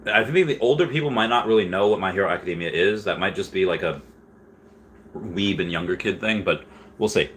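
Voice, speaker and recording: Male host in his thirties, lower-pitched, rambling and excitable, casual livestream chat with faint noise behind. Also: fairly quick. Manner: rambling, with frequent restarts and fillers.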